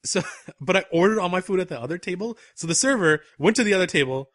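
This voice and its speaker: A young man co-hosts a podcast, telling a story in a casual, animated way and breaking into laughter along the way. His voice sits a little higher than most men's. It is recorded dry and close, with no room sound. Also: quick pace, no room sound. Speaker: podcast co-host.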